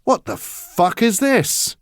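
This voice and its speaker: Gruff, bossy backwoods father, voiced by a male narrator, harsh and commanding. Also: fairly low pitch, expressive, slow pace, no echo, studio quality. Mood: angry. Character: bearded stern cannibal father, domineering.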